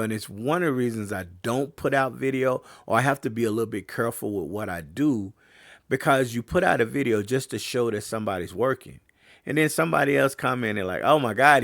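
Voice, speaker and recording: A man hosting a sports podcast and coaching young players, giving an animated, ranting opinion monologue straight to his listeners. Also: lowish voice, dry recording, clean studio sound. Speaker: podcast host and youth sports trainer.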